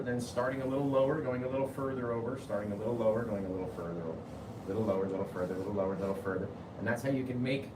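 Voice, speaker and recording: A man hosting a live painting tutorial, chatty, laughing easily and often checking in with a quick "right?". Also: mid-range voice, reverberant, noisy background. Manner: chatty, keeps asking "right?"; laughs easily while talking. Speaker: painting instructor.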